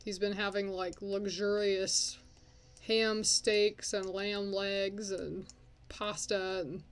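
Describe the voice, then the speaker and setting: A young woman gives casual, chatty commentary while playing a life-sim game. She scolds and swears at her characters as she goes, at an ordinary middle pitch. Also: little pitch movement, slow, clear, resonant tone. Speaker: let's play host.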